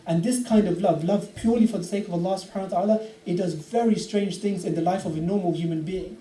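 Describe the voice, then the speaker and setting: A man giving an impassioned religious lecture, telling stories and crying out quoted prayers. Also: high-pitched. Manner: impassioned, storytelling, rising to loud cries in quotes. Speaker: speaker. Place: Islamic centre hall. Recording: echoey hall from far off with faint ambience.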